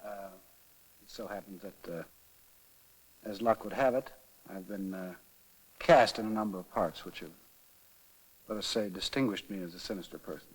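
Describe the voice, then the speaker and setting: Husky, somewhat low voice with a slow, hesitant delivery full of "uh"s. He is a middle-aged actor interviewed on a film set. The sound is a reverberant 1960s archive recording. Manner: halting, measured, many filler pauses. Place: film studio.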